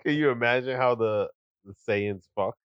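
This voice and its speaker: A man's voice: medium pitch, normal speed, smooth, no room sound. A man co-hosting a crude casual podcast, bantering in slang and laughing often. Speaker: podcast co-host. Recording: dull dry lo-fi sound.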